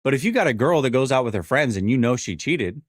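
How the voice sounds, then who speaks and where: A man in his forties hosting a live sports stream, venting his frustration and answering chat in an animated, exasperated way. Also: mid-range voice, fast, no echo, clean studio sound. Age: 40s. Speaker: sports show host.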